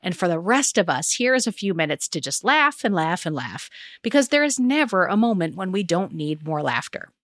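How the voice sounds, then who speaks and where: A woman's voice: lowish voice, big pitch swings, moderate pace, a bit bright, dry recording, studio quality. A woman hosting a podcast, reading a scripted segment with chatty asides. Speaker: podcast host.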